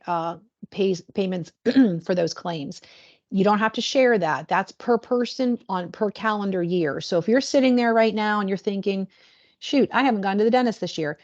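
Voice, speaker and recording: Woman explaining benefits on a dull call. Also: mid-range voice. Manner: chatty, animated, acts out quoted questions. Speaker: benefits presenter.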